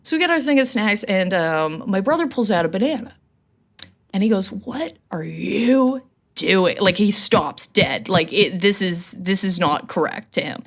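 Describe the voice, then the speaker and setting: A young adult woman co-hosting a podcast, telling a comedic story in a casual, animated way and laughing as she goes. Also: mid-range voice, normal speed. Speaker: podcast co-host.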